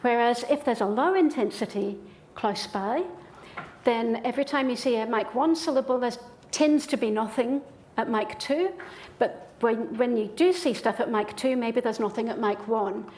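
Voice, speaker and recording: A woman's voice: a little high, normal speed, a little mellow, slight background noise. A woman professor giving a public lecture in a hall with an audience, explaining ideas step by step in an enthusiastic way.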